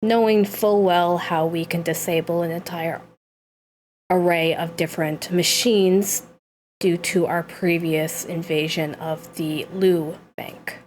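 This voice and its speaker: A woman's voice: on the low side, steady tone, slow, a little mellow, slight background noise, low-quality recording. A woman player in a tabletop game, asking pointed, questioning things.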